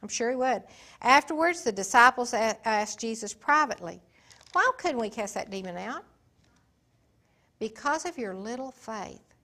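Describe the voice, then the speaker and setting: A woman giving an informal Bible teaching in a folksy, emphatic way, swinging between soft and loud. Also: on the high side.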